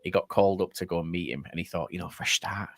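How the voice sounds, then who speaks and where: A man's voice: deep voice, fast talker, no room sound. A man co-hosting a football podcast, telling stories in casual chat and acting out the quotes. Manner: animated storyteller, acts out quotes. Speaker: podcast co-host.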